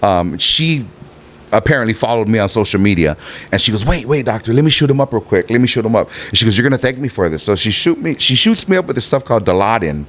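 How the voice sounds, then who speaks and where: A middle-aged man with a Southern California Chicano accent, telling a profane, animated story as a podcast guest and acting out the voices in it. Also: on the low side, fast. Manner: animated, profane, acts out every voice in his stories. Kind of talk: casual storytelling in a podcast interview.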